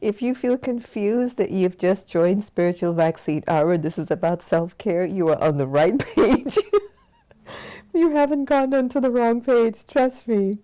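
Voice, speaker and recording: A woman's voice: mid-range voice, unhurried, mellow. A woman hosting an online talk show, speaking in a chatty, encouraging way to her viewers. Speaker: host.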